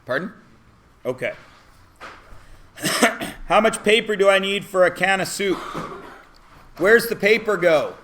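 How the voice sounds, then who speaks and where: A man's voice: high-pitched, expressive, unhurried, long pauses, fairly bright tone, a little hiss or hum. A man teaching a math class, asking the students questions and often answering them himself. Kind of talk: classroom lesson.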